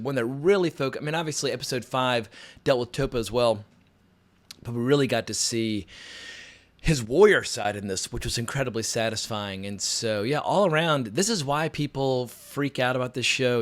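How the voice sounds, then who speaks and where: A man talking casually and enthusiastically as he reviews a TV episode, his voice scratchy from getting over a cold, often rambling and restarting. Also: medium pitch. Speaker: TV review vlogger.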